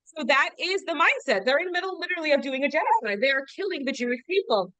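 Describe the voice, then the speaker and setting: A woman's voice: high voice, lively intonation, fast, bright, forceful tone, no echo. A woman teaching an informal class, chatty and full of "like" fillers, explaining through rhetorical questions. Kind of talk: informal lesson.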